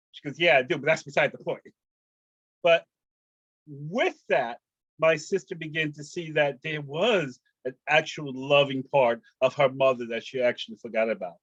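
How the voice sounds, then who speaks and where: A man giving a personal story talk at a spiritual service, animated and acting out the voices he quotes. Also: on the high side, no room sound, muffled recording. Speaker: guest speaker sharing testimony. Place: home, rooster heard outside.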